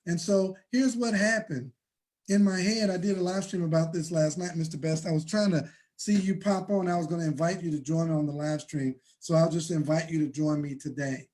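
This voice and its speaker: A man hosting a motivational money talk, preaching and building to shouts. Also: fairly high pitch, steady tone, fairly quick. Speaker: host.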